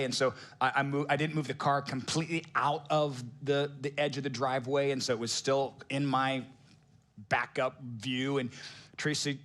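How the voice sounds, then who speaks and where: With a mid-range, fairly bright voice, a middle-aged pastor preaches conversationally and jokingly. He often poses rhetorical questions to his congregation.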